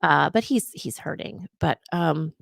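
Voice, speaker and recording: A woman's voice: low voice, a little slow, vocal fry, dry recording. A woman who works as a psychic talking in a casual vlog monologue, earnest and repeating words for emphasis. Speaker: psychic and vlogger.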